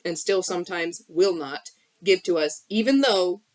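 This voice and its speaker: Her voice is on the low side and her pace measured, with no echo on the phone recording. The spiritual coach, streaming live from her bedroom, swears freely through an impassioned, blunt talk on healing.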